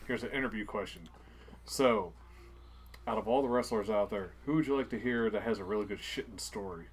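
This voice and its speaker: A man's voice: fairly low pitch, a little fast, breathy edge. A man co-hosting a podcast in casual chat, teasing his co-host and cracking crude jokes. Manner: teasing, crude joking banter.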